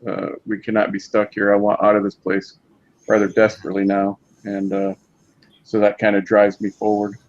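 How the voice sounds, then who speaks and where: A man's voice: fairly low pitch, monotone, moderate pace, muffled recording. A man playing a tabletop game, thinking aloud hesitantly with many fillers. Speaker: player.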